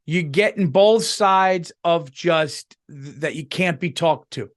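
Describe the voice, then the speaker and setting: Man, podcast host, slightly high voice, rambling, profane, casual comedic monologue, close podcast mic. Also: slow pace, hardly any pauses. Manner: rambling, profane, full of restarts. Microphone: podcast microphone, on camera.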